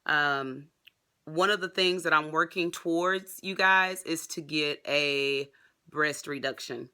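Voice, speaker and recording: A woman giving a casual, excited vlog update, chatting to her viewers and calling them y'all. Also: low-pitched, slow pace, smooth. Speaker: vlogger.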